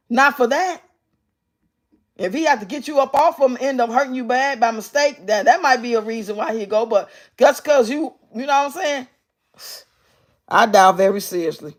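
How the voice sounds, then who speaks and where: A woman hosting a livestream, giving blunt, profane commentary and reading her chat out loud. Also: high voice, normal speed. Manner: brash, profane, mocking. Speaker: livestream host reacting to clips.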